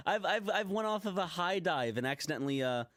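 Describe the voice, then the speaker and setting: A man's voice: sits high, animated, fast, fairly bright tone, dry recording, studio quality. A man in a rambling, joking casual chat while gaming. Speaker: co-host.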